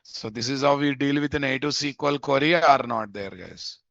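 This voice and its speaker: A man's voice: medium pitch, fairly quick, creaky, a bit bright, no room sound. Casting note: male coding instructor, thinks aloud and repeats himself, dry lo-fi mic. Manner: thinks aloud, repeats phrases, often adds "guys?". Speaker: programming instructor. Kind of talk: live coding lesson. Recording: dull, dry lo-fi mic audio.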